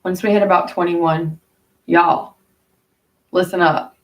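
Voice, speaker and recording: A woman's voice: on the low side, fairly even intonation, takes it slowly. Woman, casual vlog chat, blunt and profane, rambling, slightly distant from the mic. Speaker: vlogger.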